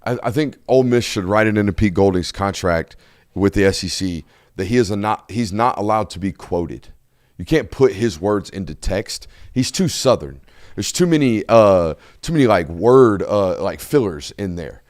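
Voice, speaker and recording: A man's voice: fairly low pitch, lively intonation, moderate pace, a little mellow, no room sound, studio quality. A man hosting a casual sports talk show, loose and joking, rambling with fillers. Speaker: host.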